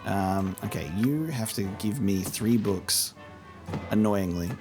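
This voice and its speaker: A man's voice: fairly low pitch, animated, slow, over music. A man casually commenting on a game he is playing for the first time, chatty and profane, mimicking the characters now and then. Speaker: let's play host.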